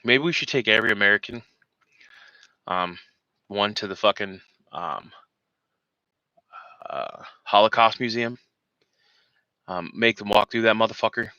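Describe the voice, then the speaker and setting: A man's voice: fairly low pitch, measured pace, pauses often, sharp tone, clear, resonant tone, dry recording, dull audio. A man hosting a veterans' show, ranting in heated, rambling, profane commentary.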